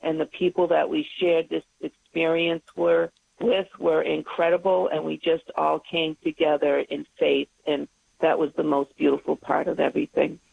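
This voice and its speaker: A woman's voice: sits low, flat delivery, normal speed, creaky, slightly rough. A woman calling into a radio show, heartfelt and gushing. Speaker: caller. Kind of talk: phone-in conversation. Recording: tinny phone line.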